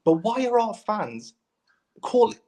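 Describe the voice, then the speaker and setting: Impassioned high-voiced football fan. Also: male voice, sing-song, slow pace, mellow. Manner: impassioned, emphatic, repeats himself. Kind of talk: heated fan debate.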